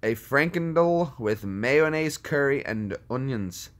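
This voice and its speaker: A man hosts a casual stream and banters with viewers in a joking, riffing manner. His pitch sits mid-range for a man but swings widely, rising and dipping as he teases and puns. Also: lively intonation, a little slow. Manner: jokey, riffs on movie quotes and puts on silly voices. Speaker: streamer reacting to viewer comments. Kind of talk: casual chat.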